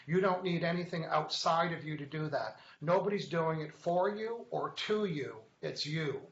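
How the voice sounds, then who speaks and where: A playful man hosts a live web show, joking and reading out viewer comments between teaching points. His voice sits a bit high for a man. The sound is echoey and a little dull, like a lo-fi webcast. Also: moderate pace, fairly bright tone. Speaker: host of a weekly live online show. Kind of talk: casual live-stream chat and teaching.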